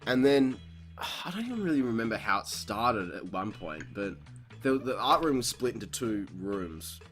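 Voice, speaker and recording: A young man hosts a podcast and tells a long story in a casual, animated way. He swears a lot and breaks into laughter. His voice is bright and forceful, and a little music plays behind him. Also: mid-range voice, normal speed. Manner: profane, animated, laughs often. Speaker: podcast host.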